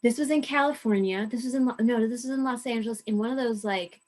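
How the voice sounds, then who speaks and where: A female podcast co-host speaks in a casual, halting way, often reaching for words and starting over. Her voice sits a little higher than most women's. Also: a little mellow. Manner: hesitant, heavy on fillers and restarts. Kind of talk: casual chat.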